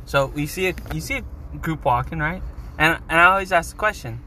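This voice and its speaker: A man's voice: a little high, a little fast, sharp tone, slight background noise, poor audio. A man hosting a podcast in crude, joking banter with friends, laughing often. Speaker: podcast host.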